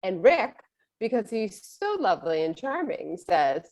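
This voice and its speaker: Middle-aged woman, storyteller, lively pitch, self-mocking, acts out her thoughts. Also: unhurried, rough recording. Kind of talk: personal storytelling.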